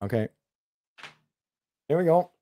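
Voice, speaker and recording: Male streamer guest, slightly high, animated pitch, defensive and stammering, dry recording. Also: slow. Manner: defensive, stammering, repeats himself. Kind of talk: heated debate.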